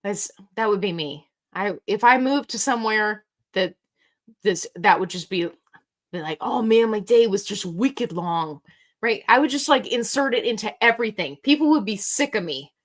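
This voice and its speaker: A woman's voice: medium pitch, lively intonation, normal speed. Chatty woman hosting a live Q&A. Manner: chatty, rambling, jokey storytelling. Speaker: host. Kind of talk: casual livestream Q&A chat.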